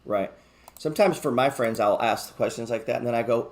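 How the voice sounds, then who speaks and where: A man's voice: mid-range voice, brisk. A man hosting a live stock market show, chatting casually, joking and swearing freely as he talks through his trades. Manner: reads viewer chat aloud.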